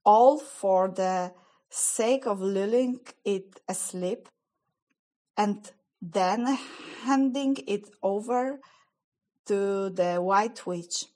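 A woman voicing a guilt-stricken male faun, gentle and fretful, with an anxious, pleading, slightly raised voice. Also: medium pitch, drawn-out words. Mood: anguished.

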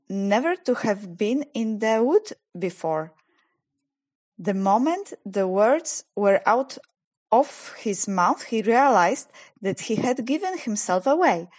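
A woman reading a children's novel aloud as narrator, gentle and expressive. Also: a little high.

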